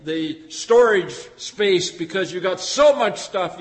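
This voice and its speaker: Man, preacher, sermon, folksy and chatty, rhetorical questions, high voice, long hall echo. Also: lively intonation, slow, hardly any pauses.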